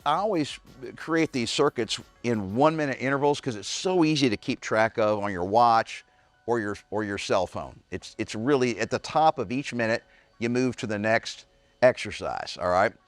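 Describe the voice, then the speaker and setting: A man's voice: mid-range voice, no echo. A man coaching a home workout, talking straight to his viewers and sometimes out of breath. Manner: energetic, talks straight to viewers as "guys". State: out of breath at times. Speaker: fitness coach.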